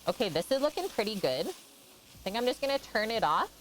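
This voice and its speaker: A woman's voice: a little high, very animated, brisk, slight background noise. A woman from Canada chatting casually on a live cooking stream, greeting and thanking viewers by name and laughing often.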